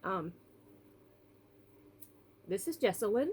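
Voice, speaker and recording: Brief: woman in her thirties, vlogger, tearful, halting with fillers, faint background hiss. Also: mid-range voice, big pitch swings, darkish tone. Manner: emotional, apologetic, halting with fillers. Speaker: doll collector vlogger. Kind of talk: personal storytelling vlog.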